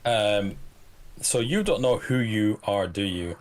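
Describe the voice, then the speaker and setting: Brief: low male game master, narrates in halting bits with plenty of "uh". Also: animated. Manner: halting narration, full of "uh" and restarts.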